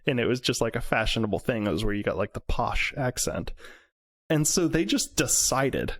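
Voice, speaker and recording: A man's voice: mid-range voice, animated, moderate pace, a bit bright. A man from central Indiana co-hosting a podcast, ranting animatedly in casual chat and laughing at his own points. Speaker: podcast co-host.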